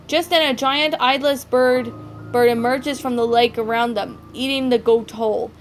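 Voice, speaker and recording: A woman's voice: on the high side, fairly even intonation, normal speed. A woman narrating a fan story aloud, often stumbling and correcting herself. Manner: stumbling, self-correcting reading. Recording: faint background music.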